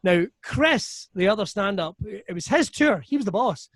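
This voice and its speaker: A Scottish man, a comedian guest, telling stories in a profane, animated way on a podcast. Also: sits high, normal speed, dry recording. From Scotland. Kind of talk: casual storytelling chat.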